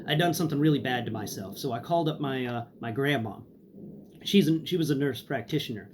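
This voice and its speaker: A man's voice: mid-range voice, fairly quick, noisy background. A young man casually telling a dramatic personal story, acting out what people said. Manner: animated, dramatic, acts out dialogue. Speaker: host, storyteller.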